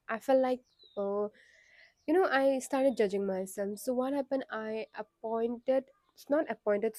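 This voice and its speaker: Woman vlogger, reflective and candid, soft dark tone, dry room. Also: a little high, dry recording. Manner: reflective, candid, frequent fillers. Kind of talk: casual personal vlog.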